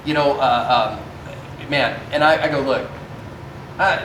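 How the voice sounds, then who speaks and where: Speaking at an unhurried pace with a medium pitch and steady tone, this forties-aged man tells stories conversationally while leading a self-defense class for a live audience. The setting is a church meeting room, captured by a far-off microphone with echo and a little background noise.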